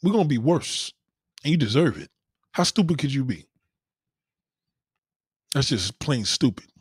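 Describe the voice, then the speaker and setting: A man hosting a podcast, telling crude stories in an animated, profane monologue. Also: mid-range voice, unhurried, husky, no room sound, clean studio sound. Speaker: podcast host. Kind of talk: casual comedic monologue.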